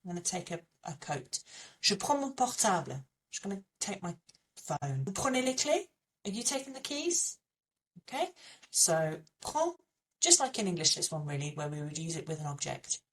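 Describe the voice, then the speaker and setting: A woman presenting a language lesson as a French teacher, explaining patiently and repeating French words slowly to model how they sound. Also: on the low side, very animated, recorded from a distance.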